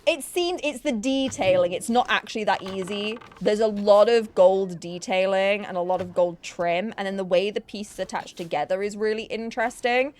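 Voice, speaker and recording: Young woman, live-stream gamer, chatty, bubbly, pokes fun at herself, mid-pitched voice. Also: normal speed, hardly any pauses, darkish tone, slight background noise. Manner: bubbly, chatty and self-mocking. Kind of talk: casual live-stream chat while gaming.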